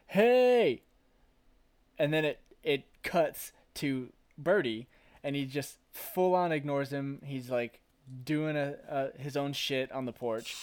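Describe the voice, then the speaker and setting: Man, casual chat, movie recap, acts out quotes, swears, laughs a lot. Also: medium pitch.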